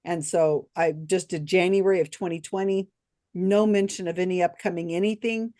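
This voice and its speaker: A woman's voice: fairly low pitch, fairly even intonation, dark tone, no echo. Chatty woman trivia host, dry sound. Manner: chatty, laughs often, quick asides. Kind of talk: casual chat.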